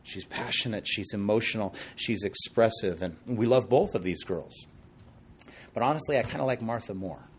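A man preaching a sermon, retelling stories with animated delivery and joking asides. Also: lowish voice, moderate pace, slight background noise. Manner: animated storytelling with acted quotes and asides.

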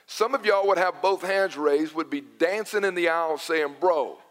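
High-voiced preacher in a reverberant hall. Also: male voice, normal speed, fairly bright tone. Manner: storytelling, emphatic with repeated phrases. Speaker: pastor. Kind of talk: sermon. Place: church sanctuary.

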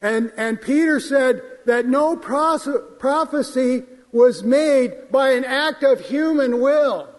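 A man with a strikingly high voice preaches a sermon at an unhurried pace, stressing key words as he quotes scripture. His voice rings out with a long reverb from the church sanctuary. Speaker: pastor.

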